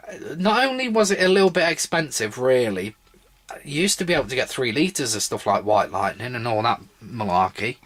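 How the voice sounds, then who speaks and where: A man's voice: medium pitch, a bit bright. A young man reviewing a drink in a casual solo vlog, a little tipsy and sore-throated, rambling with wry asides. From Britain.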